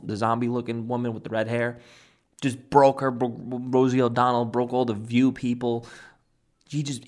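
A man hosting political commentary, excitable and emphatic, often rambling between points. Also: mid-range voice. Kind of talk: opinionated commentary.

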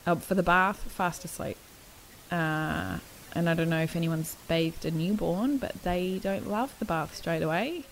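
A woman's voice: fairly low pitch, measured pace, slight background noise, poor audio. A young woman telling a personal story in a candid, casual chat, speaking frankly, swearing freely and laughing between lines.

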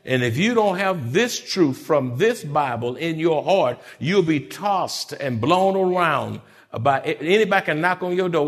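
Lively high-voiced male preacher. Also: a little slow. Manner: animated preaching with repetitions and acted-out voices. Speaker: pastor. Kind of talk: sermon.

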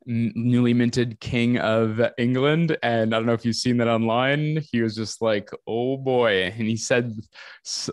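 A man's voice: medium pitch, no echo. A man chats as a podcast guest, telling a story in a loose, easygoing way. The recording is dry and close. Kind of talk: casual podcast chat.

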